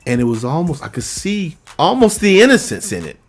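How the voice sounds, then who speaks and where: A man, a vocal coach, telling a story to his viewers in a relaxed, conversational way and acting out what others said. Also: a little high, brisk, breathy edge, soft background music. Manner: lively anecdote telling, acts out the other people's lines; relaxed, conversational, with frequent fillers. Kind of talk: casual storytelling to camera.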